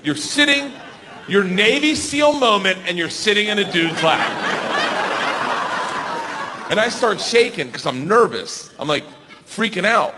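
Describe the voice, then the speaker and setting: Man in his forties, stand-up comic, high voice, shouting and laughing, live crowd noise. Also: animated, measured pace, long pauses. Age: 40s. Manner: loud, laughing, shouting punchlines. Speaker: stand-up comedian. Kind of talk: stand-up comedy set. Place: comedy stage before audience.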